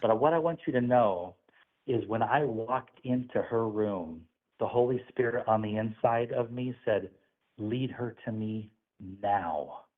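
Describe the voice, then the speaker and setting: A man speaks over a thin, phone-like line, recounting a spiritual story with earnest, preachy conviction. His voice sits at an ordinary middle pitch. He tells it slowly and sincerely. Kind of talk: religious testimony on a call.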